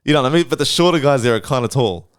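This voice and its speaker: A man's voice: mid-range voice, rapid-fire, clean tone, dry recording, clean studio sound. Swearing man telling stories. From Australia. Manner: animated, swears a lot, acts out voices in anecdotes. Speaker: podcast co-host. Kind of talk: casual storytelling chat.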